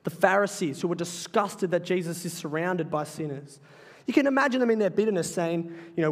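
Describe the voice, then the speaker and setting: A male pastor preaching a sermon in a church, earnest and emphatic, slowing down to stress key phrases. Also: sits high. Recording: long reverb of a large hall.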